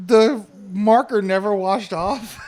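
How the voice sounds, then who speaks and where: A man's voice: high voice, slow pace, darkish tone. A man in casual podcast chat, telling stories in an upbeat way and laughing at his own tales. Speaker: podcast co-host.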